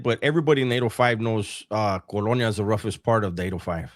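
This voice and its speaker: A man's voice: fairly low pitch, quick pace. A man co-hosting a casual podcast, easygoing, stammering and repeating words as he talks. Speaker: podcast co-host. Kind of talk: casual chat.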